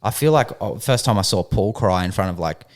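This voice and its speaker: A man's voice: sits low, a little fast. A man co-hosting a podcast in casual chat, laid-back, swearing freely and using lots of fillers. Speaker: podcast co-host.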